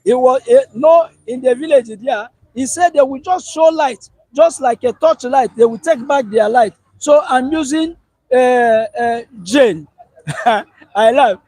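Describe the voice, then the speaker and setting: A Nigerian man in a street interview, complaining in an animated, ranting way and laughing as he talks. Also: very high voice, measured pace, dry recording, poor audio.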